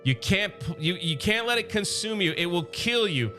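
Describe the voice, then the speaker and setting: A man's voice: high-pitched, animated, moderate pace, bright, forceful tone, faint music behind, voice pushed up. A man quoting lines for an earnest, world-weary female robot warrior, talking in his own voice.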